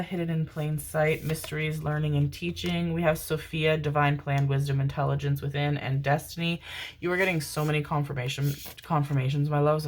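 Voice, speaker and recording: A woman's voice: low voice, a little mellow. A woman giving a casual tarot reading to her viewers, rambling and emotional, calling them pet names and swearing casually. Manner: tender, calls listeners pet names. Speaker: tarot reader.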